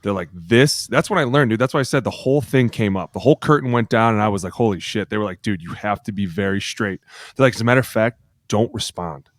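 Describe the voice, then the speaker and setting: Man, podcast co-host, rapid talker, lowish voice, profane rowdy storyteller, dry close sound. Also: no echo. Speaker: podcast co-host, former football lineman. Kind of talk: casual podcast chat.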